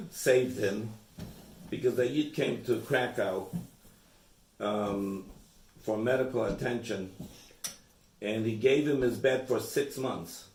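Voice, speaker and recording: Halting rabbi teaching in an echoey room. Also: male voice, medium pitch, darkish tone. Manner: halting, restarts and repeats phrases, mixes in Hebrew terms. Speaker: rabbi giving a Torah class. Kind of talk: informal Torah class in a home. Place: room in a private home. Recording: echoey room, distant mic, faint noise.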